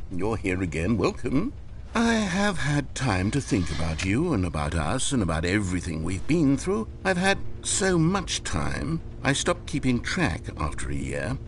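A man's voice: a little hiss or hum, full character voice. An actor voicing a lonely, wry male narrator who addresses the player in a plaintive, musing monologue for a video game. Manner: plaintive, musing monologue with sudden pitch swings. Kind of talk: game voice acting.

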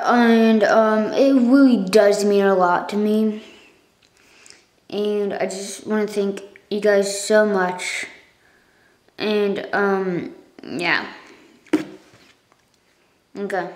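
A woman with a slightly mellow, medium-pitched voice speaks casually to her viewers in a thank-you vlog, with a roomy sound. She owns the channel and records on her phone, rambling, fixing her own wording as she goes, and occasionally coughing or clearing her throat.

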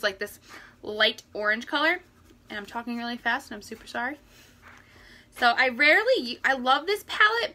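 Bubbly high-voiced woman chatting live. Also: bright, forceful tone. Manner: chatty, greets viewers by name, rambling asides. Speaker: makeup livestream host. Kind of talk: casual live makeup tutorial chat. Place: at home indoors.

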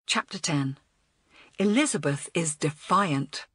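A woman narrating a children's audiobook in an expressive, storytelling manner. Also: fairly low pitch, moderate pace, husky, no echo.

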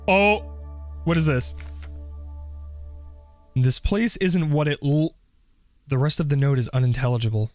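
Excitable high-voiced man playing a game. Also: unhurried, pauses often, soft background music. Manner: jokey, excitable, role-plays as the character. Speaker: gaming video creator. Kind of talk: let's play commentary.

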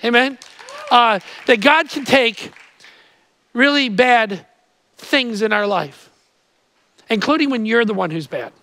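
High-pitched male preacher, dry close mic, energetic sermon delivery with many restarts. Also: takes it slowly, pauses often, dry recording, poor audio. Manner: energetic, stammering restarts, calls out to crowd; quiet and earnest in prayer. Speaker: pastor. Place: church auditorium with live audience.

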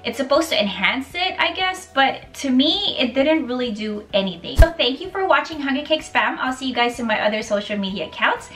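A woman's voice: sits high, expressive, a little fast, hardly any pauses, a bit bright, recorded from a distance. A woman hosting a casual cooking and tasting vlog, talking in an upbeat, chatty way with light laughs. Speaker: cooking vlogger and host. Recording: off-mic with faint background music.

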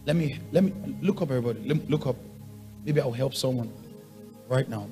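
A man preaching a sermon, swinging from quiet asides to loud shouted points and hammering on repeated rhetorical questions. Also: medium pitch, brisk, pauses often, over music. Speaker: pastor.

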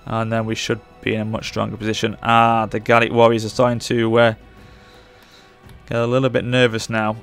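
Excitable man barking orders. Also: fairly low pitch, brisk, clear, resonant tone, faint music behind. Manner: urgent, excitable, barks orders at units. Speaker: gaming channel host. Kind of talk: live gameplay commentary.

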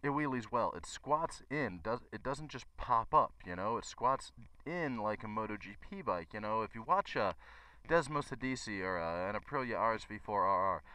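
A man's voice: fairly low pitch, animated, moderate pace, pushed and bright, clear, resonant tone, no echo. A man who runs a motorcycle shop, giving a chatty, enthusiastic bike review to his viewers. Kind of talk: casual bike review vlog.

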